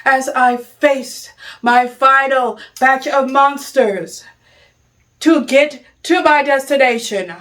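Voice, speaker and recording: A woman playing a breathless, high-voiced monster-fighting adventurer. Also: a bit bright. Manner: panting, self-soothing, playful. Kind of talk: comic skit interlude.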